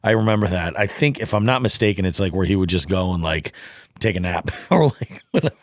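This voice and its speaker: A man hosting a podcast in casual chat, enthusiastic and quick to laugh. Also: deep voice, expressive, no room sound. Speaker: podcast host. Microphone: studio dynamic mic.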